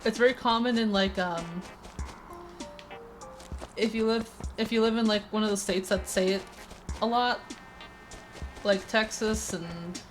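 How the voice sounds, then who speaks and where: Female streamer, slight Spanish accent, crisp over-enunciated consonants, rambling casual chat over faint game music. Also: mid-range voice, steady tone, a little slow, pauses often. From Peru. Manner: chatty, rambling, many restarts.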